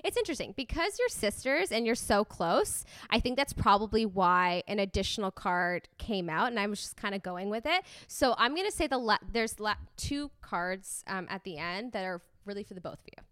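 A young Canadian woman hosts a podcast with a Toronto accent, chatty and upbeat as she reads cards for her guests. Her voice is smooth and clear, recorded dry and close. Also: medium pitch, expressive, normal speed, few pauses, fairly bright tone, dry recording. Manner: chatty, enthusiastic. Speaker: podcast host. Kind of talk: casual chat and card reading.

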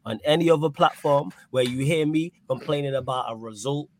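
A man's voice: a little high, a little fast, a little mellow, slight background noise. A man on a football live stream who argues his point firmly and asks and answers his own questions. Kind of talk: casual debate.

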